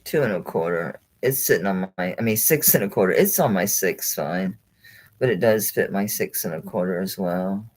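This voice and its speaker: A woman with a strikingly low, deep voice that still swings freely up and down as she talks. She hosts a casual live-stream sale, rambling and thinking out loud. She laughs often and chats with viewers by name. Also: animated, moderate pace, rough recording. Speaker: online jewelry seller hosting a live sale.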